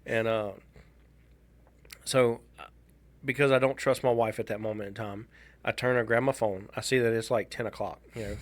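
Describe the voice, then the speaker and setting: A man, co-hosting a podcast and telling a personal story in a casual, halting, wry way. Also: fairly low pitch, steady tone. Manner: halting, restarts a lot, candid and wry. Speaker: podcast co-host.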